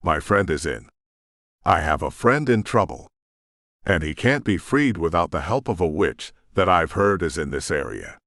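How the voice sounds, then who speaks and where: A man's voice: low voice, very animated, moderate pace, vocal fry, a bit bright, dry recording, clean studio sound, heavily acted. A man voicing an earnest young woman in an audiobook, polite and pleading.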